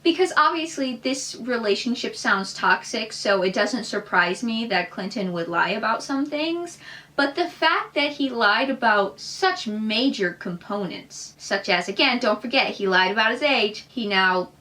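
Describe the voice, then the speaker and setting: A young woman hosting a reaction commentary, animated and incredulous, firing off rhetorical questions. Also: on the high side, a little slow. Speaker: commentary host.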